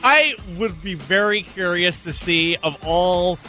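Brief: male sports radio co-host, bright forceful voice, chatty, faint music bed. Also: high-pitched, measured pace. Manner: chatty, enthusiastic analysis. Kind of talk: casual sports talk.

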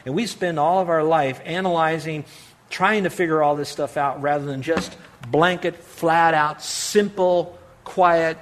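A middle-aged man preaching a sermon, emphatic, swinging between loud declarations and hushed asides. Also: on the high side, moderate pace. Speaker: pastor.

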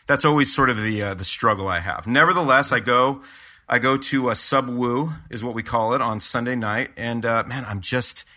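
Speaking at a moderate pace in a bright, forceful, mid-range voice, a man who is a pastor and podcast co-host rambles through a story in casual chat, with plenty of fillers and restarts.

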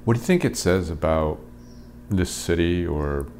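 A man interviewing a guest for a news piece, asking slow, careful questions. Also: sits low, animated, darkish tone, slight background noise.

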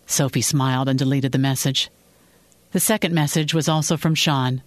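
A woman's voice: very deep voice, fairly even intonation, normal speed, dry recording. Woman narrating a fiction podcast. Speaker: author and narrator.

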